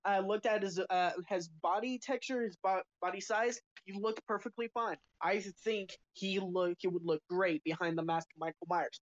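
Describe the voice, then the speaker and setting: A man's voice: high-pitched, moderate pace, hardly any pauses, muffled recording. A man co-hosting a casual podcast chat, speaking loosely with fillers and swearing.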